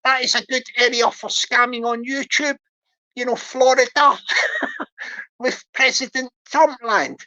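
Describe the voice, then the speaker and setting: Woman livestream host, high and bright, unhurried, playful, dull stream sound. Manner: chatty, giggly, playful. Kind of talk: casual livestream chat.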